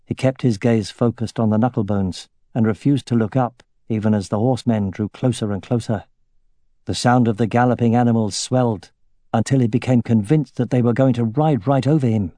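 A man narrating a fantasy audiobook in a measured, steady way. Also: medium pitch, no room sound, clean studio sound.

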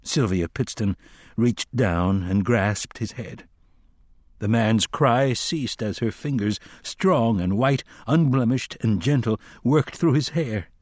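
A man narrating a dark fantasy audiobook in a measured, dramatic reading. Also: mid-range voice, no echo, clean studio sound. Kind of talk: scripted narration.

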